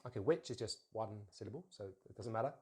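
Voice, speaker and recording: A man teaching an English pronunciation lesson, saying model words slowly and repeating them for practice. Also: on the low side, lively intonation, darkish tone.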